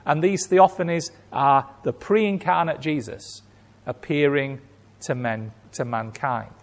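Speaking slowly in a slightly high voice, a man delivers a sermon full of emphasis and rhetoric. He repeats key phrases and plays out imagined reactions, and the sound has a long hall reverb.

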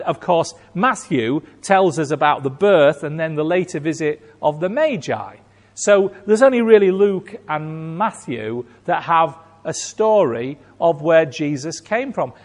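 A man preaching a sermon in an emphatic, rhetorical way, acting out imagined reactions and repeating key phrases. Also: on the high side. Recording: long hall reverb.

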